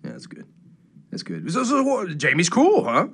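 Radio host, male, hyped announcer delivery, jokey; higher voice, very animated. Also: normal speed, creaky, slightly rough. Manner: hyped, announcer-style introductions with playful joking. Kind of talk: casual radio chat.

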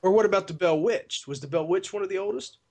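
A man's voice: high voice, quick pace, a little mellow. A man co-hosting a paranormal talk radio show, chatting casually, enthusiastic and effusive, often tossing in "man.".

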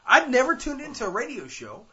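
A man hosting a live paranormal radio show from a dining room, joking with his co-hosts and swinging between loud and soft. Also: very high-pitched, huge pitch swings, fairly quick, muffled recording. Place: dining room of an old house.

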